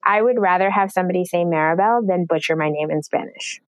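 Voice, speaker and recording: A woman's voice: fairly low pitch, fast talker, no room sound. A young adult woman guest on a podcast, talking casually with lots of "like" and easy laughter. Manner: relaxed, says "like" a lot, laughs easily.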